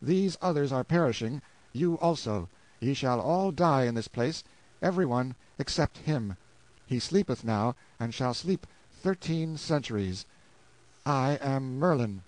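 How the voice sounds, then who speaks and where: A man voicing a malicious old male wizard who speaks slowly in archaic words. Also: medium pitch, lively intonation, a little mellow, close to an everyday voice, low-quality recording. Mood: gloating. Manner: slow, archaic, gloating.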